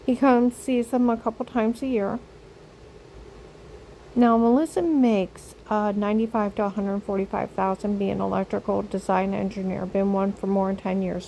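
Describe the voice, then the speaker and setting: A woman's voice: mid-range voice, warm tone, slight background noise, poor audio. An older woman telling a rambling personal story straight to camera, circling back and repeating herself. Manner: repetitive storytelling. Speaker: vlogger.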